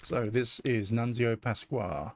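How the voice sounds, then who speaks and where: A man's voice: medium pitch, slow pace, no room sound. A man playing a video game and thinking aloud in casual commentary, often correcting himself. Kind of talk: let's-play commentary.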